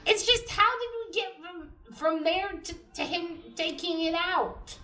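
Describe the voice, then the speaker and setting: A woman with an Israeli accent giving a casual, animated spoken review, ranting and swearing in exasperation. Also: very high voice, measured pace, recorded from a distance. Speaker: comic reviewer. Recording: roomy echo, off-mic.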